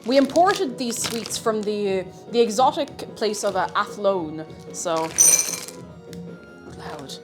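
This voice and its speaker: Taking her time, a woman with a mid-range voice and lively intonation chats to her live-stream viewers over music. She bakes in her home kitchen and keeps the talk casual and self-deprecating.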